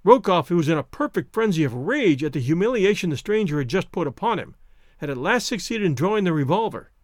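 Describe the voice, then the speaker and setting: A man reading an adventure novel aloud as narrator, in a theatrical, expressive way. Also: high voice, quick pace, no echo, studio quality. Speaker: audiobook narrator. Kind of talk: scripted narration.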